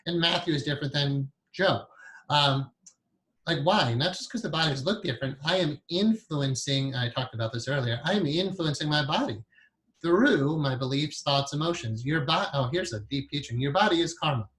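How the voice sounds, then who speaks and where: A man's voice: fairly high pitch, normal speed, a bit bright. A man giving a casual, rambling lecture on hypnotherapy to a class, chatty and full of fillers and self-corrections. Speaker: hypnotherapy teacher.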